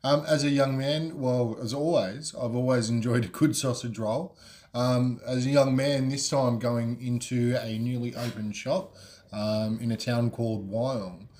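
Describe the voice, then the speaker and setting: Man, middle-aged, podcast host, casual storytelling, rambling, lots of fillers, mid pitch. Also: fairly even intonation, measured pace, a little mellow. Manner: rambling, frequent ums and you-knows.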